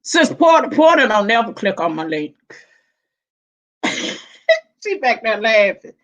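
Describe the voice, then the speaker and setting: Slow-talking woman hosting a livestream. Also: medium pitch, sing-song. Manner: warm, affectionate, drawn-out and emotional, calling viewers baby and child. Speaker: livestream host. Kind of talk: casual livestream chat. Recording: dull lo-fi stream audio.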